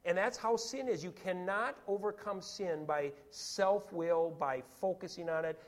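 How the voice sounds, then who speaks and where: A man's voice: high-pitched, unhurried. A man preaching a sermon to a congregation in a church, emphatic and repeating his phrases, often asking his listeners questions.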